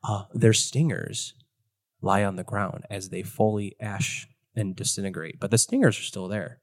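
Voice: deep voice, fairly even intonation, moderate pace. A game master narrating a tabletop role-playing game, laughing often and acting out monsters with silly sounds.

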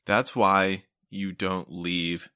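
A man in casual banter, teasing his co-host with quick joking jabs. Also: sits low, little pitch movement, bright, forceful tone, clean tone, no echo, clean studio sound.

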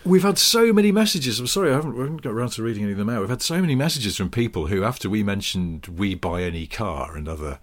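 A very deep-voiced man co-hosting a casual podcast. He rambles and makes fun of himself in an easygoing, chatty way. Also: rapid-fire, hardly any pauses. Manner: rambling, self-deprecating, chatty. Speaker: podcast co-host. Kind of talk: casual chat.

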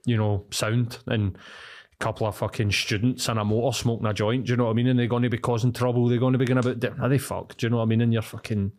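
A young man with a Glaswegian accent, co-hosting a podcast and telling animated, sweary stories in casual chat. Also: mid-range voice, quick pace. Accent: Scottish, Glaswegian. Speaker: podcast co-host.

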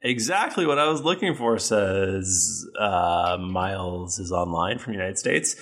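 A man's voice: sits low, lively intonation, a little slow, a bit bright. A man co-hosting a podcast, reading listener reviews aloud in a loose, playful, slightly tipsy way. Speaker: podcast co-host.

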